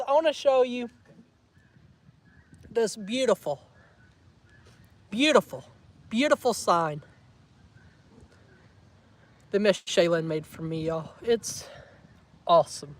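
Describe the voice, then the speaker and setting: A man, chatting warmly and emotionally to his viewers in a casual vlog, teasing them and saying y'all a lot. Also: high voice, slow, long pauses. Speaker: vlogger.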